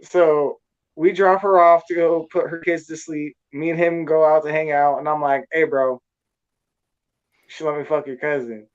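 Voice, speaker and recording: A man's voice: on the high side, steady tone, moderate pace, smooth, lo-fi sound. A man from California telling a crude story in a blunt, profane, casual way. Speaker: storyteller guest.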